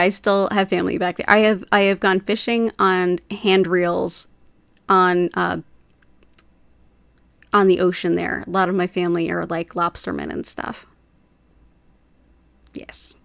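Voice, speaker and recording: A woman's voice: on the low side, level tone, a little slow, vocal fry, long pauses, a bit bright, clean tone, dry recording. Host, woman, 40s, rambling casual chat, dry close mic. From United States. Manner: chatty, rambling, says "like" often. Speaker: Reiki livestream host. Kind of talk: casual chat with live viewers.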